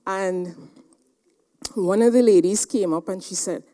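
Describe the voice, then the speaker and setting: A woman speaker delivers a motivational seminar talk at a slow, deliberate pace. She tells a personal story with dramatic, animated storytelling and a mid-range voice. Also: medium pitch.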